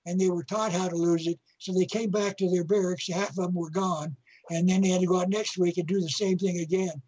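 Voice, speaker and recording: Husky man telling a rambling anecdote. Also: high voice, steady tone, brisk, darkish tone, highs cut off. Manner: rambling storyteller, repeats and restarts phrases. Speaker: guest speaker.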